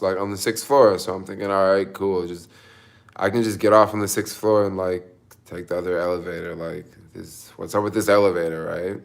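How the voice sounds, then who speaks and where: A man's voice: deep voice, flat delivery, a little fast, vocal fry. A young man vlogging, emotional and close to tears, telling a rambling story full of fillers and restarts about his delivery shift. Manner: rambling, self-conscious, lots of fillers. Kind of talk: casual storytelling vlog.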